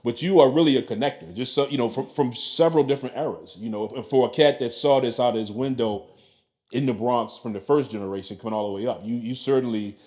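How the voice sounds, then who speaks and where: A man's voice: medium pitch, quick pace, darkish tone. A man interviewing a guest, asking questions in a casual, admiring way with slang. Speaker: interviewer, hip-hop historian.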